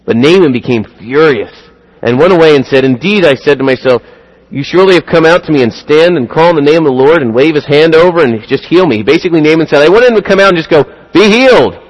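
Male preacher, animated sermon delivery, slightly raised pitch, long hall reverb. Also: fast talker. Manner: animated, acts out dialogue in sudden louder bursts.

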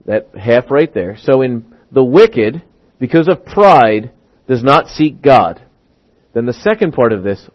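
A man preaching a sermon through a Bible passage, acting out quotes and slowing down on key words. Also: medium pitch. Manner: animated, acts out quotes, stretches key words slowly. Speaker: pastor. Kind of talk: expository sermon. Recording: dull lo-fi sound.

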